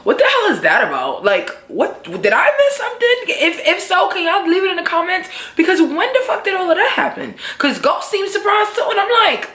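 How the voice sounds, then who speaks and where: Animated, profane young woman recapping TV. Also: high voice, a little fast, echoey room. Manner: animated, profane, acts out characters' lines. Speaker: TV recap vlogger. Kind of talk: casual TV recap chat.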